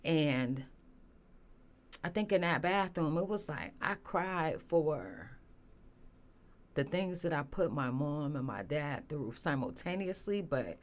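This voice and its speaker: A woman's voice: low voice, expressive, slow. A woman, a guest candidly telling a personal story, often saying "you know". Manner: earnest, candid, many "you know" fillers.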